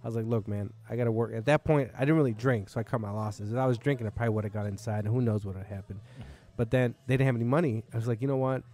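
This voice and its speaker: A comedian hosting a podcast, spinning a long, rambling story in a bar. He talks fast and swears freely. His voice sits at an ordinary pitch. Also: mellow. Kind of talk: casual chat.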